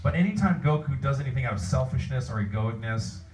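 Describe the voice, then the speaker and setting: A man, a voice actor answering fan questions at a convention panel, telling rambling, animated stories. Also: medium pitch, fast talker, far from the mic. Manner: rambling, animated anecdotal storytelling. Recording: roomy hall, voice picked up from afar.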